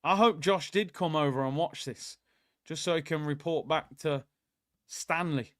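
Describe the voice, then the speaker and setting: A young man hosting a live football watchalong, chatting about the match and reading out viewers' comments, often yelling at the players. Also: on the high side, unhurried, no echo, studio quality. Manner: excitable, shouts at the players during attacks. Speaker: watchalong host.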